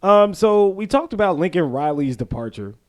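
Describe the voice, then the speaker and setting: A man from the American South co-hosting a casual sports podcast, animated and quick to act out quotes and laugh. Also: high voice. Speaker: podcast co-host.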